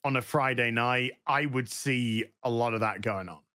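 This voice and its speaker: A middle-aged man who is a podcast guest, chatting casually with a halting, start-and-stop delivery. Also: mid-range voice, sharp tone. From United Kingdom. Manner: halting, many restarts and fillers. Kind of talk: casual chat.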